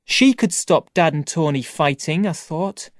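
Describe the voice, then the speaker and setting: A reader narrating a first-person graded-reader story for language learners, reading slowly and clearly. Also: mid-range voice, no echo, studio quality. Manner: slow, clear, carefully paced reading. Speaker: audiobook reader.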